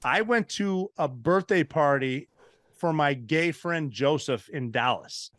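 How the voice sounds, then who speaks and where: A man's voice: on the high side, expressive, takes it slowly, a bit bright. A middle-aged man, a retired Navy veteran and guest, telling a dry story in a casual interview.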